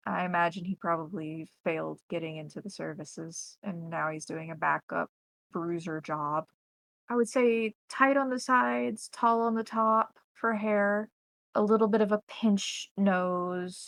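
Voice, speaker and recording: American woman playing a composed, businesslike club owner, quiet and matter-of-fact, low and gravelly, in a tabletop game. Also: dry recording, rough recording. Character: polite, businesslike woman running a nightclub.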